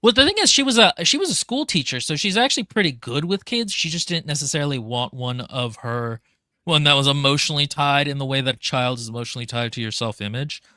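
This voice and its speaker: A man's voice: mid-range voice, lively intonation, fast talker, pushed and bright, no echo, studio quality. A man co-hosting a book podcast who chats about the story with many fillers. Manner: chatty, with fillers and laughs. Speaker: podcast co-host. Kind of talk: casual book discussion.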